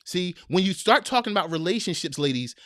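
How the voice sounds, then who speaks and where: A man's voice: sits high, animated, a little fast, fairly bright tone, dry recording, clean studio sound. A man hosting a live advice podcast in a direct, preachy way, repeating phrases for emphasis. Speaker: podcast host. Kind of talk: live-streamed advice talk.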